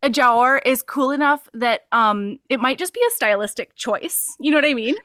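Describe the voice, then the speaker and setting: A woman co-hosting a casual book chat, bawdy and quick to laugh. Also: on the high side, sharp tone, no echo, studio quality. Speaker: podcast co-host.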